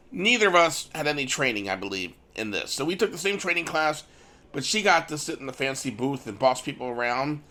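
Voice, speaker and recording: A man hosting a podcast, telling a personal work story and acting out the quoted lines. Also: medium pitch. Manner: animated storyteller, acts out quoted voices. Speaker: podcast host. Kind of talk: storytelling anecdote.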